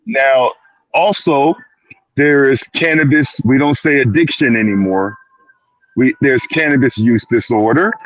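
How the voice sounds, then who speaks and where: A man's voice: mid-range voice, measured pace, a bit bright, lo-fi sound. A male clinician speaking as a guest on a panel, emphatic, repeating his words and often slipping into quoted asides. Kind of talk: panel discussion.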